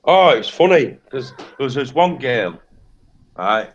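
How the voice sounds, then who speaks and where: A man's voice: medium pitch, big pitch swings, unhurried, slight background noise. A man with blunt, sweary talk, telling stories about his psychic readings in casual chat. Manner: swearing, blunt anecdote-telling with quoted voices. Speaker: psychic guest. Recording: dull lo-fi audio.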